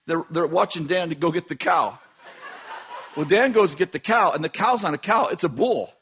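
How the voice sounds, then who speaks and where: A man with a high voice tells a long anecdote, chatty and animated, often breaking into laughter. There is a faint hiss of noise under the recording. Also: moderate pace. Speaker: business owner telling a story. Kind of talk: casual storytelling.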